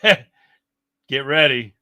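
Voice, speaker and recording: A man's voice: mid-range voice, animated, extremely slow, very noisy. A man hosting a livestream, chatting in a folksy, exclaiming way as he reacts to clips and talks to viewers. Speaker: livestream host. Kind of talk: casual livestream commentary on clips.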